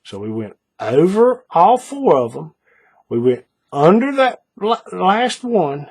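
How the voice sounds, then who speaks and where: A man calmly talking through a paracord bracelet tutorial step by step, patient and repetitive, often checking in with the viewer. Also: high-pitched, slow, husky. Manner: patient, repeats steps, checks in with "all right?". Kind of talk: hands-on craft tutorial.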